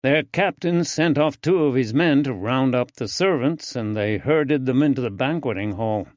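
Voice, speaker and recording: A male narrator voicing an earnest, eager young man with a soft drawling accent in an audiobook. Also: medium pitch, normal speed, no echo, highs cut off, natural voice.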